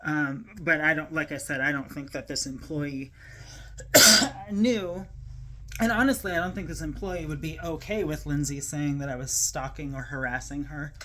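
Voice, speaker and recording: A woman telling a personal story to camera, emotional and near tears, talking in a halting, rambling way with many fillers and restarts. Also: sits low, pushed and bright, a little hiss or hum.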